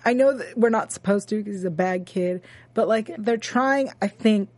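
A woman's voice: mid-range voice, a little mellow, dry recording. Chatty woman co-host, dry studio sound. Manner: chatty, halting with many fillers and restarts. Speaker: co-host of a TV after-show. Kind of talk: casual chat recapping an episode.

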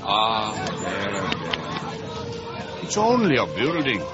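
A man playing a brisk, decisive military officer, commanding in tone. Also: lowish voice, wildly swooping pitch, full character voice. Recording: dull lo-fi audio with music.

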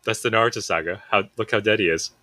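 This man in his thirties tells a story in a casual chat, with a bright and forceful voice. He livens it up by acting out the friends he quotes. The sound is close and dry, with no room around it. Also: lowish voice, fast, no echo. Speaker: podcast co-host.

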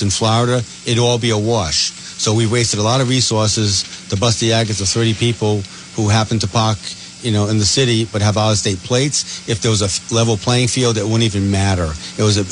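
A man co-hosting a call-in radio show, giving measured, opinionated commentary with frequent restarts. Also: fairly low pitch, slight background noise, poor audio. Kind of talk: casual call-in radio talk.

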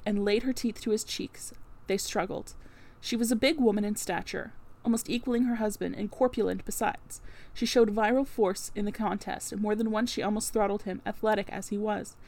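A woman narrating a classic novel as an audiobook, in a measured, clear reading that lightly voices the dialogue. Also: mid-range voice, fairly even intonation, darkish tone.

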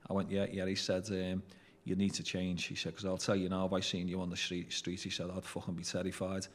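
Scouse man, very low voice, casual swearing storyteller who acts out dialogue. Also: monotone, brisk. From Merseyside, England. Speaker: interview guest, former prisoner.

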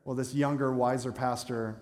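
Animated pastor preaching in an echoey hall. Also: male voice, medium pitch, moderate pace. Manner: animated storytelling with self-mocking asides. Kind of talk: sermon. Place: church sanctuary. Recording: echoey hall with long reverb.

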